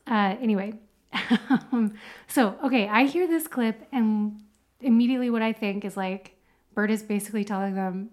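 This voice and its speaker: A woman co-hosting a podcast in a casual chat. She talks in a chatty, animated way, full of fillers, and her pitch sits in the middle of the range. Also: moderate pace. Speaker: podcast co-host.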